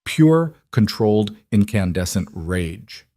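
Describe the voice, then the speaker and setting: Low-voiced man narrating a crime story. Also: animated, moderate pace, darkish tone, dry recording, studio quality. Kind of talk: dramatic audiobook narration.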